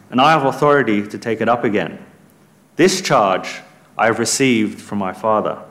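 A man's voice: medium pitch, fairly bright tone. A man preaching a sermon in an earnest, emphatic way, lifting his voice when he quotes scripture.

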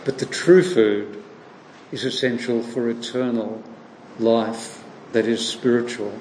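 A man preaching in a slow, measured cadence, putting questions to his listeners and then answering them. His voice rings through a roomy church hall with a long reverb tail and a faint hiss underneath. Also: medium pitch, steady tone, a little mellow. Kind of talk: sermon.

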